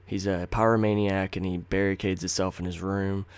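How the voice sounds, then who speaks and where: A man's voice: deep voice, level tone, normal speed, smooth, dry recording. A man telling a personal story in a casual, slangy, profane way, acting out what people said. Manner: profane, slangy, acts out quotes. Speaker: storyteller host.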